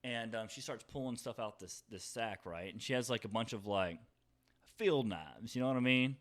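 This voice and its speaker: Bright-voiced profane young man rambling. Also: on the low side, normal speed. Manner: rambling, profane, laughs often. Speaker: podcast co-host. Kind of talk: casual storytelling chat.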